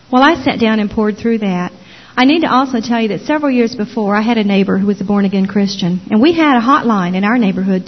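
A woman telling her personal testimony as a former Jehovah's Witness, expressive and dramatizing the story with little voices. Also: medium pitch. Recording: dull lo-fi recording.

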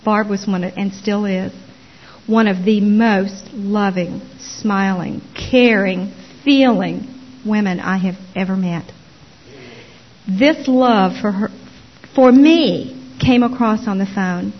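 A woman telling her personal testimony as a former Jehovah's Witness, expressive and dramatizing the story with little voices. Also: mid-range voice, slow pace. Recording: dull lo-fi recording.

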